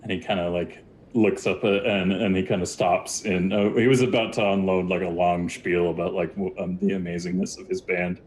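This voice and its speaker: A man guides a tabletop game as game master, talking loosely and chattily through each scene. His voice sits on the low side. A faint rumble runs beneath the recording. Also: level tone, brisk, a little mellow. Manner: casual, filler-heavy narration.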